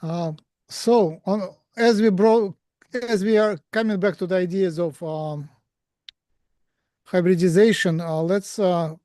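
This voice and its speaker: High-voiced man hosting a webinar. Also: steady tone, dark tone, dry recording. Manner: halting, with many uhs. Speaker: host. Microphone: video call.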